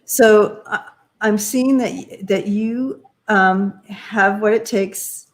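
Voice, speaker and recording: A woman doing tarot readings on a live stream, talking in a halting, searching way with many fillers while giving gentle advice. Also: mid-range voice. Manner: encouraging, gives gentle advice. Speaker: tarot reader.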